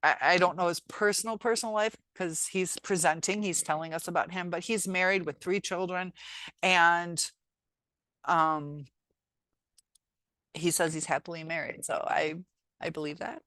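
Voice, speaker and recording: Encouraging woman vlogger, lowish voice, dry close sound, reflective and earnest. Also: fairly even intonation, normal speed, a bit bright, no echo. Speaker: teacher and healing vlogger. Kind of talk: casual motivational vlog talk.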